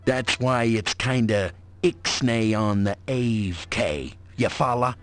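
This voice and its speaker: A man's voice: lowish voice, slow pace. An actor playing a laid-back male villager in a video game, drawling with slangy, conspiratorial asides.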